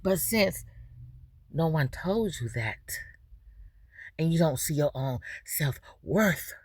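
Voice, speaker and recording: Slow, low-voiced woman commentator. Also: animated, a little mellow, breathy edge, no echo. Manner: slow, preachy, scolding. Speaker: commentary host. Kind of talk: drama commentary reacting to a clip.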